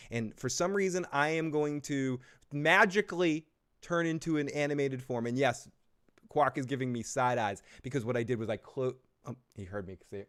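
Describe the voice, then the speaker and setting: Profane rambling male stream host. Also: mid-range voice. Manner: rambling, profane, restarts often. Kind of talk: casual live review chat.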